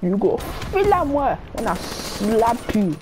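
Over a noisy background, a woman with a fairly high voice and big pitch swings speaks slowly. She has a Nigerian accent and trash-talks in game voice chat, scolding, repeating herself, and threatening to slap someone.

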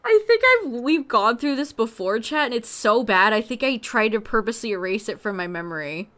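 Giggly woman streamer, animated pitch. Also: fairly quick. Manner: laughing, teasing, repeating words in mock disbelief. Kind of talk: casual live-stream chat.

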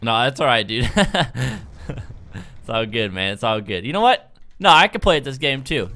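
A young man giving casual, excitable gameplay commentary as a gaming YouTuber, joking and laughing often. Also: medium pitch, normal speed, pauses often. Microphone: desk microphone.

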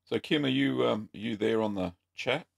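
An Australian man hosting a casual live-stream question-and-answer show, chatty and relaxed with frequent ums. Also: mid-range voice, moderate pace, vocal fry, breathy edge. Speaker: host.

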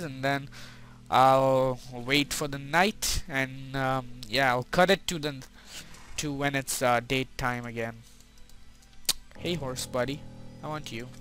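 A young man giving excitable gameplay commentary, talking to himself and to his in-game horse. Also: fairly high pitch. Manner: excitable, talks to himself and his horse, frequent mild swearing. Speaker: gaming video creator.

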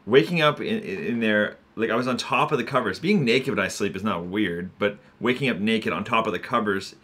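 A man's voice: on the low side, a little fast, fairly bright tone. Chatty man reacting to his own video. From Canada. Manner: chatty, amused, with fillers and restarts. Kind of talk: casual reaction commentary.

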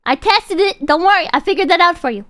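A woman's voice: extremely high pitch, animated, fast talker, very noisy. A woman streaming a video game, chatting casually to her viewers in a playful, exclamatory way with frequent swearing. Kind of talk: casual gameplay commentary.

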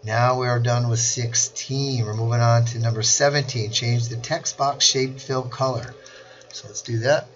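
A man teaching a software class, walking through each click step by step in a screen-recorded tutorial. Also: mid-range voice, steady tone, normal speed, muffled recording, slight background noise. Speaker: instructor.

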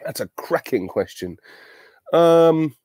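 A man's voice: a little high, lively intonation, slow, a little mellow, dry recording. Man, middle-aged, chatty, self-deprecating, thinks aloud, video call, dry sound. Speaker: actor answering fan questions. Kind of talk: virtual Q&A panel.

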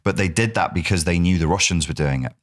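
A British man in his forties, a guest in a casual interview, telling animated stories, swearing freely and acting out quotes. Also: low voice, quick pace. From United Kingdom.

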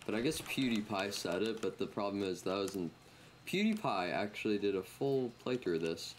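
A man's voice: on the low side, lively intonation, normal speed. A young man giving casual, teasing commentary while playing a game with a friend. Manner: joking, teasing banter. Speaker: gaming YouTuber. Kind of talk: casual let's-play commentary. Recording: noisy gameplay capture.

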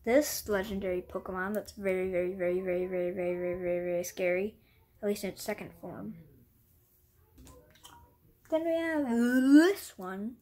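This woman's voice is fairly low and darkish, quick, with little pitch movement and a bit of hiss or hum. Chatting at home while displaying her collection for a vlog, she rambles, apologizes a lot, pokes fun at herself, and at times lowers to a whisper.

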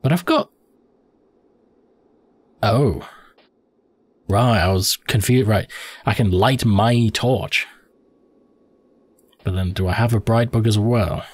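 A man's voice: on the low side, takes it slowly, pauses often, husky, dry recording. A man hosting a let's play, giving profane, reactive commentary and thinking aloud as he plays. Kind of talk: live gameplay commentary.

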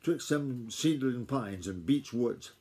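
A man voicing a gruff old farmer grandfather, speaking in a rustic drawl that swings from blustery to gentle. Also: mid-range voice, expressive, slow pace. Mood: impatient. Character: gruff old male farmer grandfather, country dialect, impatient.

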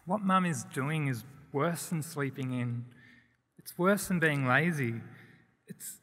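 A man reading a first-person story aloud in a plain, steady way. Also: a little high, takes it slowly. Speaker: narrator. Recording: long hall reverb.

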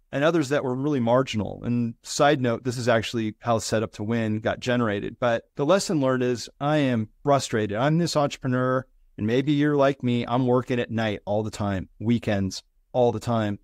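A man's voice: medium pitch, moderate pace, darkish tone, dry recording, studio quality. A middle-aged man, a business consultant guest on an interview podcast, earnestly and reflectively recounting lessons in short, building phrases. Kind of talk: conversational interview storytelling.

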